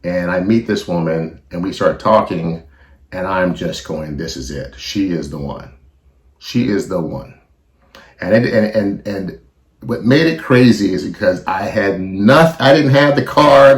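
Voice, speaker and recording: In an echoey room, a middle-aged Californian podcast host with a lowish voice delivers a confessional monologue. He's blunt and emotional, swearing heavily throughout.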